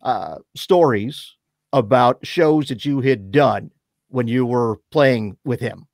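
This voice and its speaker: A male host speaks slowly in a casual interview, in a dry, close sound. He is easygoing, offers brief backchannels, and asks his questions haltingly. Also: mid-range voice, vocal fry, no room sound.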